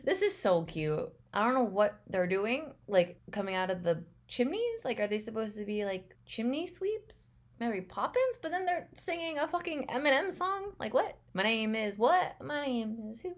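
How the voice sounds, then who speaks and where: A woman's voice: a little high, big pitch swings, moderate pace, hardly any pauses. A young woman chatting casually as she reacts to a movie trailer, rambling and laughing often.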